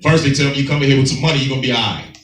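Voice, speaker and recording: A man's voice: mid-range voice, rapid-fire, a bit bright, a little hiss or hum. A man teaching a Sabbath class, preaching emphatically in a streetwise way and often asking his listeners if they follow. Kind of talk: preaching scripture commentary. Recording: roomy, far from the mic.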